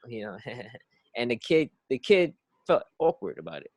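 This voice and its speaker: A man's voice: mid-range voice, big pitch swings, a little fast, darkish tone, dry recording. A man co-hosting a casual podcast who rambles and circles back to "it's like", often repeating words as he thinks through his point. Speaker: podcast co-host.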